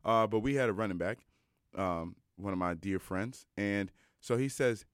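A young adult man telling a personal story in a casual monologue, animated and emphatic, with many fillers. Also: fairly low pitch, moderate pace, smooth, no room sound, studio quality.

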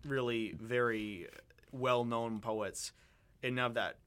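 A young man co-hosting a radio talk show, his voice bright and clear. He speaks at an ordinary middle pitch, musing his way through each thought with frequent restarts and fillers. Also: fairly even intonation, slow. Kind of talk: casual discussion.

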